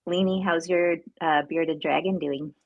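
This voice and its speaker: A woman's voice: deep voice, steady tone, a little slow, gravelly, no echo, phone-quality sound. A woman guest on a talk show, casually explaining things in an easygoing way. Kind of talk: casual chat.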